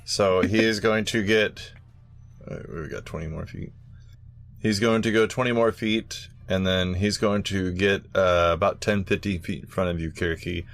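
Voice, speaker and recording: A man running a tabletop game as game master, animated and quick to laugh. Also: low voice. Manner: animated, laughs often, voices monsters in short quotes.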